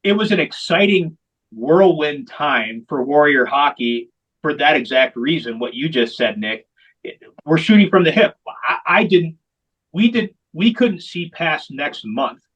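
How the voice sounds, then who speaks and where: A man's voice: fairly high pitch, expressive, unhurried, a bit bright, breathy edge, highs cut off. A man who founded a veterans hockey program, telling its story in an interview with candid, emphatic repetition. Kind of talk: long-form interview storytelling.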